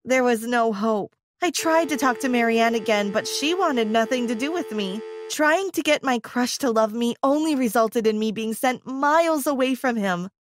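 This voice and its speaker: A woman's voice: a little high, expressive, moderate pace, few pauses. A woman narrating a dramatic first-person story, emotional and acting out her own lines with big swings.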